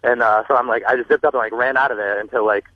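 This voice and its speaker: A man's voice: medium pitch, steady tone, racing, dry recording. Male caller on a muffled line. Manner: rambling, filler-heavy. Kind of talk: phone-in story.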